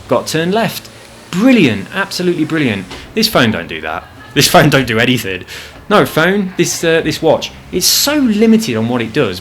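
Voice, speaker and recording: A man's voice: a little high, a little hiss or hum. A man chatting casually over gameplay at home, rambling and swearing freely about his frustrations. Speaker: gaming channel host. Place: home apartment.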